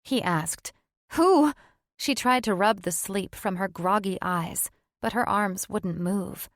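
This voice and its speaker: A woman reading a fantasy audiobook in scripted narration, measured and even. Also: mid-range voice, dry recording, studio quality.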